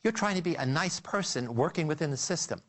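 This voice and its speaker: Guy lecturing on psychology, kinda high voice, storytelling style, lots of uhs and restarts. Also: a little fast. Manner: animated storytelling, addresses listeners as "you"; frequent restarts and filler "uh".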